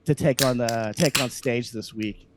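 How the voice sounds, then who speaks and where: A man's voice: medium pitch, unhurried, background noise. A man from Louisiana, a comedian hosting a podcast, ranting heatedly and profanely in casual talk.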